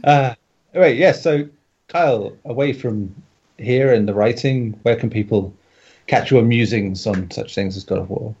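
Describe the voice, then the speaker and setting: A male podcast host with a gravelly, husky voice and an easygoing way, turning to guests in loose chat. The sound is dull and lo-fi. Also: mid-range voice, normal speed, a little mellow. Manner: laughs often, easygoing. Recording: dull lo-fi audio.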